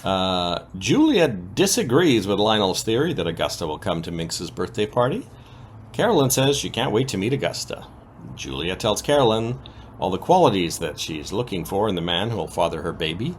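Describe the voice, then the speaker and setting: A man co-hosting a podcast, recapping soap opera episodes in a casual, animated way with frequent ums. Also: deep voice, moderate pace, slight background noise. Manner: lively, animated retelling with many ums.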